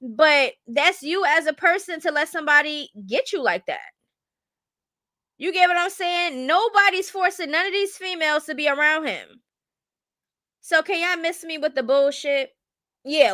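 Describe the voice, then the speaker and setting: A woman's voice: high voice, sharp tone, no echo, studio quality. A woman giving blunt, chatty reaction commentary on a live stream, often asking whether the listener follows her. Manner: blunt, chatty, keeps asking "you get what I'm saying".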